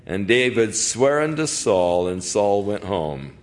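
A man's voice: on the low side, sing-song, slow pace, few pauses. A middle-aged man preaching a sermon in a conversational way, reading scripture and acting out the voices of the people he quotes. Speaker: pastor.

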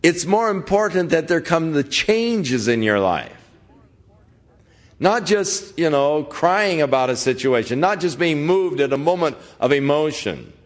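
A middle-aged male pastor who talks in an easy, conversational way. His unhurried delivery gives each point room. He slips into the voices of the people he describes to make his point. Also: fairly high pitch, sing-song. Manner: conversational preaching, acting out quoted voices. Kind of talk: sermon.

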